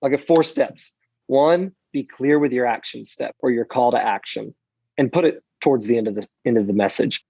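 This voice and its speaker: A man with a gravelly, fry-tinged voice talks through his advice in a loose, animated way, often restarting his sentences. His tone is self-deprecating and conversational. The recording is dry and a little dull. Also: medium pitch, moderate pace, dry recording. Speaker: speaker and preacher. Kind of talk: conversational interview answers.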